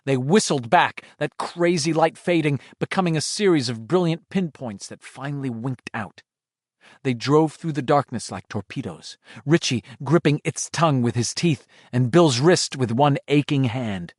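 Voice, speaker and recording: A man's voice: medium pitch, moderate pace, no echo, studio quality. A man reading a horror audiobook aloud in dramatic scripted narration. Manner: dramatic, shifting delivery.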